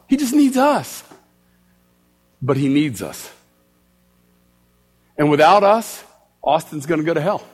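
A man's voice: on the high side, breathy edge, in a large hall. A male street preacher giving a storytelling sermon in a church, acting out both sides of his conversations. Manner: animated, acts out both sides of dialogue.

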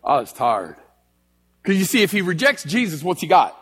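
Male preacher, high lively voice, storytelling sermon, church reverb. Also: normal speed, slightly rough. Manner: animated, acts out both sides of dialogue. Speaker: street preacher.

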